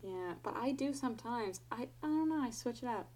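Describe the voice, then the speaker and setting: A woman co-hosts a casual podcast, teasing her friend and breaking into laughter. Her voice is slightly high. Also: lively intonation, a little fast, a little mellow, poor audio. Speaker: podcast co-host. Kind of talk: casual chat.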